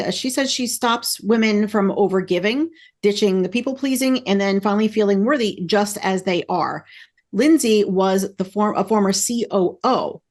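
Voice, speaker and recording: A woman hosting a podcast interview, chatting in an excited, effusive and rambling way. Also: mid-range voice. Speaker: podcast host. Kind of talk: casual interview chat.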